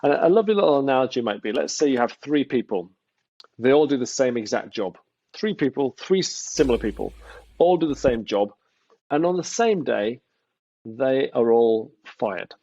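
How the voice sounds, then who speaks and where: A male entrepreneur, interviewed as a guest, tells stories casually and with animation, performing the voices of the people he quotes. He speaks in a mid-range voice at a moderate pace, and the dry recording sounds dull and lo-fi.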